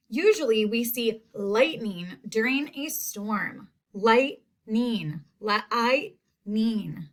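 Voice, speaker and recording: Slow, deliberate woman teaching spelling. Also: on the high side, fairly bright tone. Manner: slow, drawn-out repetition of words. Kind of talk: spelling lesson for children. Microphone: home recording.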